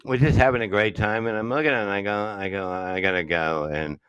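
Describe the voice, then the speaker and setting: A man's voice: on the low side, fast talker, a bit bright, clear, resonant tone, no room sound, highs cut off. A middle-aged man hosting a casual podcast chat, telling rambling stories and acting out what people said. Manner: rambling storyteller, acts out quotes. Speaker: podcast host.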